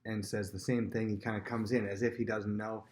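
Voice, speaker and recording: A man with a fairly low voice walks his students through a Bible story in a relaxed, chatty way. He pauses with plenty of ums and slips into short acted-out voices for the people in the story. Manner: chatty, many fillers, acts out quotes in voices. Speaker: teacher. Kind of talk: casual Bible lesson retelling.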